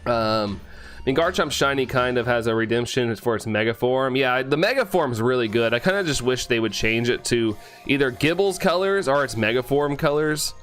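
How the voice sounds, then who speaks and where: A man casually chatting on a live stream, greeting viewers and answering chat, talking fast and sometimes tripping over his words. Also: medium pitch, expressive, a bit bright, soft background music.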